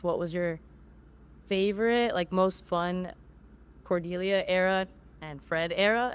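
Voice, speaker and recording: A woman's voice: fairly low pitch, clean tone. A woman in the audience at a fan panel, asking a nervous, rambling question.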